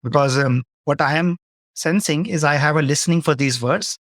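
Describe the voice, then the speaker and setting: A man's voice: fairly high pitch, normal speed, a bit bright, no room sound, studio quality. A man speaking as a leadership coach, answering audience questions in a webinar and explaining his points through example dialogues.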